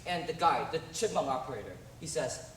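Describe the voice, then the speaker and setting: A woman's voice: expressive, a little fast. A woman playing an exasperated young male TV actor. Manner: exasperated, whiny complaining with big pitch swings. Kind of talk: amateur stage play. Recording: distant echoey stage recording with faint hiss.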